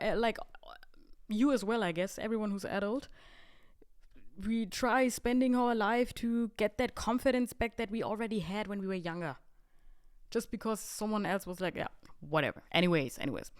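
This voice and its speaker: A woman's voice: on the high side, normal speed, clean tone. Chatty, self-mocking young woman podcaster. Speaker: podcast host. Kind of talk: casual storytelling monologue.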